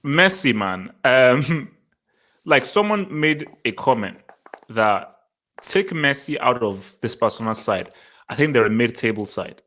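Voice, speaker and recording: A man from Nigeria co-hosting a football podcast, playful and teasing, repeating words in quick bursts. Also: medium pitch, lively intonation, sharp tone. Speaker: podcast co-host. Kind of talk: casual chat.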